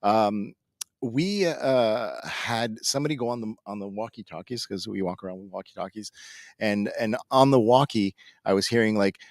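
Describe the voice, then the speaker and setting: A man co-hosting a live convention Q&A, telling stories in an animated way with fillers and laughs. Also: lowish voice, moderate pace, no room sound. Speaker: convention organizer co-host. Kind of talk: live stage Q&A chat. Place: stage in a convention hall.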